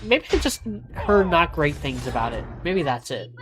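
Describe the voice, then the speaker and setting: A woman streaming gameplay, chatting casually with rambling, halting restarts. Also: low voice, sing-song. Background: game music.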